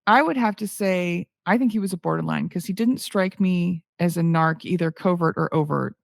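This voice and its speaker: A woman's voice: on the low side, moderate pace, creaky, no room sound. A woman co-hosting a podcast in casual chat, telling stories and acting out what people said. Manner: storytelling, acts out quoted people. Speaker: podcast co-host.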